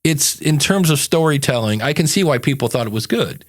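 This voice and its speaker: A man's voice: fairly high pitch, lively intonation, fairly quick. A man hosting a podcast, chatting casually and telling a rambling story, acting out little asides as he goes. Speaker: podcast coach and host. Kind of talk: casual chat.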